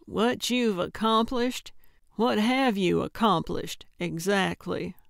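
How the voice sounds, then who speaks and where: Lady doing a grumpy old gal sleuth, slow and blunt, snippy. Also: mid-range voice, creaky, dry recording, clean studio sound. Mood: cranky, blunt. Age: older. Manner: blunt and grumpy, snapping back. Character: feisty older woman amateur sleuth, blunt and cranky. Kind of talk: audiobook character voice.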